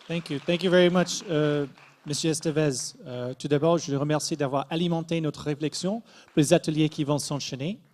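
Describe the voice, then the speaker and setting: A man's voice: on the high side, steady tone, a little fast, a little mellow. A man hosting a conference, thanking the speaker in a formal, courteous way. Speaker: event host. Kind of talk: formal closing remarks. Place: school conference hall.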